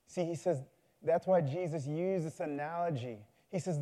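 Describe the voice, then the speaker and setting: A man's voice: on the high side, moderate pace, mellow. A man preaching a sermon, telling a story in a loose, conversational way and building to fervent appeals.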